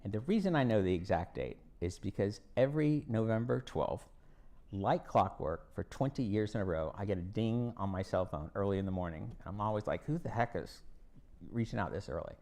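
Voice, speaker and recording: A man's voice: on the low side, expressive, brisk, a little mellow. A man, a former politician, telling folksy anecdotes on stage and giving advice to students. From United States. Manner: folksy anecdotal storytelling with acted quotes. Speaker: guest speaker, former congressman. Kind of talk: storytelling talk on stage. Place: university event hall.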